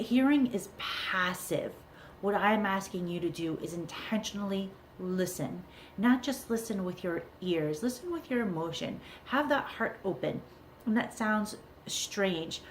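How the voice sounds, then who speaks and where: A woman's voice: fairly low pitch, slight background noise. A middle-aged woman, a parenting coach, giving earnest advice to camera and repeating key words for emphasis. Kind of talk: talking-to-camera advice video.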